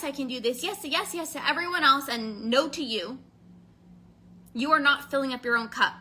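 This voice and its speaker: A woman coach talks straight to her listeners in a casual podcast monologue. Her voice sits high and sounds bright. She moves quickly and acts out small snippets of dialogue. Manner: fast, animated, acts out quotes. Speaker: podcast host, binge eating coach.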